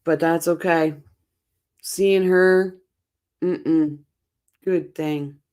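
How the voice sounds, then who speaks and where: A woman's voice: sits low, fairly even intonation, drawn-out words, darkish tone. A woman hosting a casual true crime stream, chatty and opinionated, talking to her chat on little sleep. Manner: chatty, opinionated, rambling with restarts. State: short on sleep. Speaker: true crime channel host. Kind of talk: casual live-stream chat reacting to chat comments.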